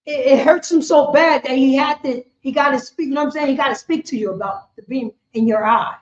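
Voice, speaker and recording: A woman preaching a street sermon on scripture, talking in an animated, repetitive way and often asking "you know what I'm saying". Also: high voice, brisk. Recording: echoey, dull lo-fi sound.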